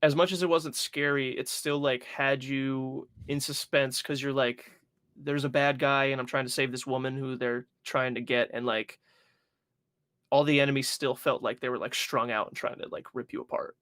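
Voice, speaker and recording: Animated young male podcast co-host, casual and profane, dry close-mic sound. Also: medium pitch, moderate pace, no room sound. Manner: animated storytelling, swearing, acting out his own reactions. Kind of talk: casual chat.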